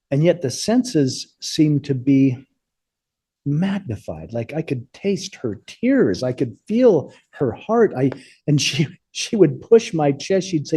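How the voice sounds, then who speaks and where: A man telling a personal story as an interview guest, speaking earnestly and haltingly, often repeating words as he goes. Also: mid-range voice, mellow, slightly rough, dry recording, studio quality.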